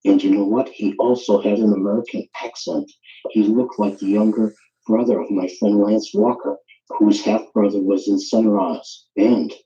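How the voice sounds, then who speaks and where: Deep-voiced man on a dull, echoey line. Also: fairly even intonation, moderate pace, dark tone. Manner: rambling and repetitive, asking the same question again. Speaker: caller on the stream. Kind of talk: casual chat. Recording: muffled echoey line with faint music.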